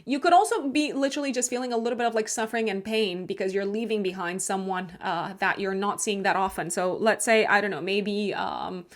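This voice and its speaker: A woman's voice: medium pitch, a little fast, few pauses. A woman hosting a monthly horoscope video, talking casually with many fillers and restarts and laughing at herself now and then. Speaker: astrologer host.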